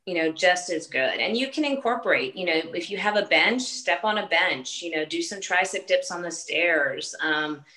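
A woman's voice: fairly low pitch, animated, normal speed, few pauses, sharp tone, low-quality recording. A woman in her late forties, a fitness trainer, chatting earnestly in a casual podcast interview, speaking in short restarting phrases. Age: 40s.

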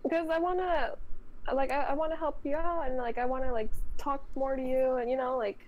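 A woman chatting casually as a podcast guest, relaxed and talkative with many fillers. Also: high voice, a little fast, dull audio, slight background noise. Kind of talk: casual chat.

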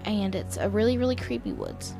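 A woman's voice: medium pitch, fairly quick, gravelly, music in the background. A young woman with a Southern US accent co-hosting a podcast, telling ghost stories in a chatty, rambling way. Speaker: podcast co-host. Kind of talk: casual storytelling chat.

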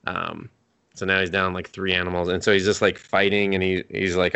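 Young dude on a podcast, kinda low voice, rambling and cussing a lot while recapping stuff. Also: male voice, little pitch movement, brisk, gravelly, bright, forceful tone, smooth. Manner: rambling, swears freely, retells scenes with quoted lines. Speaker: podcast co-host. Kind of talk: casual chat recapping anime.

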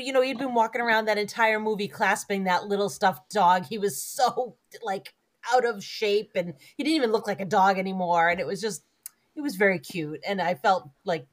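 A woman's voice: medium pitch, normal speed. A woman co-hosting a casual movie review podcast, giggly and chatty with lots of fillers. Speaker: podcast co-host.

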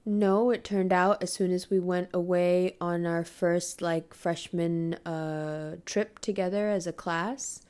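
A woman telling a personal story in a casual monologue, swearing freely and speaking with emphatic, animated energy. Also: fairly low pitch, slow pace, hardly any pauses, smooth.

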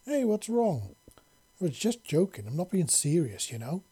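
A man's voice: high voice, big pitch swings, normal speed, warm tone, husky, voice pushed up, heavily acted. A man doing a cheeky, stammering young guy. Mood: joking. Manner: joking, stammering. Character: cheeky young human man, joking and flustered.

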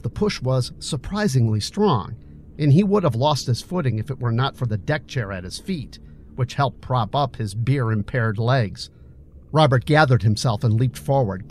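A man narrating a novel as an audiobook, reading with expressive storytelling. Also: medium pitch, a little hiss or hum. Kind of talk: scripted narration.

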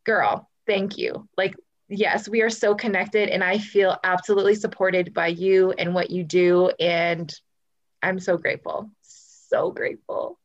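A woman hosting a podcast, talking in an effusive, animated, slangy way in casual chat. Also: medium pitch, normal speed, lo-fi sound. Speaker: podcast host.

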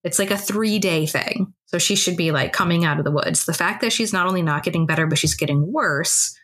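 A woman's voice: lowish voice, fairly bright tone. A woman co-hosting a podcast, telling a personal story in a casual, chatty way with lots of "like" fillers. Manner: fast conversational telling, many fillers like "like". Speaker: podcast co-host.

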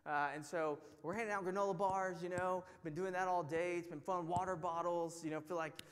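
A man's voice: high voice, steady tone, brisk. A young man teaching a Bible study, telling a story in a casual, self-mocking way full of filler words. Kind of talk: storytelling sermon. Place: teaching to a group in a large room. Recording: long hall reverb.

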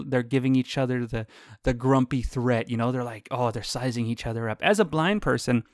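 A man's voice: medium pitch, no echo, clean studio sound. A man hosting a podcast from his home office, rambling and chatty and often correcting himself. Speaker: podcast host. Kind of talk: casual monologue.

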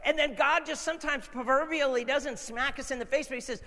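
A man preaching a sermon with passion, dropping to a hush and then rising to a shout. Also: very high-pitched, quick pace, hardly any pauses. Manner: impassioned, swings from hushed to shouting. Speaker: pastor. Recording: long reverb of a large hall.

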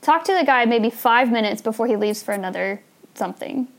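A young woman hosting a podcast tells a story in a casual, chatty way, full of fillers like "like" and "you know" and frequent laughs. Her voice is on the high side, expressive, and a little fast.

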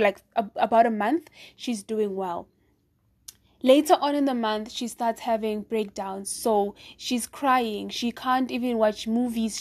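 A woman with a slightly high voice hosts a podcast and retells a listener's testimony. She speaks conversationally and keeps checking in with the listener as she goes. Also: darkish tone. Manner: conversational, with frequent fillers and rhetorical check-ins. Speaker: podcast host.

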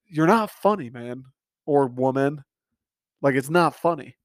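A man's voice: mid-range voice, lively intonation, unhurried, dry recording, clean studio sound. A young man hosting a solo podcast, ranting in a profane, exasperated way. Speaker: podcast host. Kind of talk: casual solo podcast rant.

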